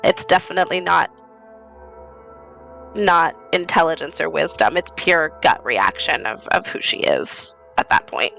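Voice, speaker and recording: A woman's voice: low voice, animated, measured pace, vocal fry, a bit bright, low-quality recording. A woman playing a tabletop game who describes her character's actions in a hesitant, thoughtful way, with faint music behind. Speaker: player. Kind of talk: tabletop roleplay narration.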